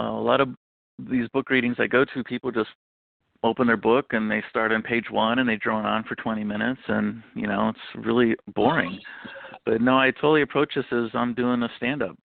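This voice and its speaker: A man's voice: medium pitch, vocal fry, no room sound. A man, an author, chatting and joking as a guest on a radio interview. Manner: joking, quick with impressions. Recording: phone line.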